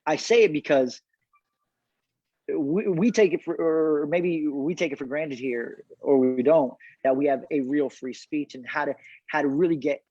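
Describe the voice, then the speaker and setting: A man talks from his car as an interview guest, animated and laughing often, often repeating his words. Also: fairly high pitch, no echo. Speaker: cigar brand founder, guest. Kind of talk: casual interview chat. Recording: dull dry remote call audio.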